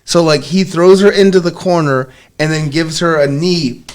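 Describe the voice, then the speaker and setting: A man on a podcast, telling a long story in casual chat, rambling and profane with halting restarts. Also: fairly high pitch, noisy background. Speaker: podcast co-host.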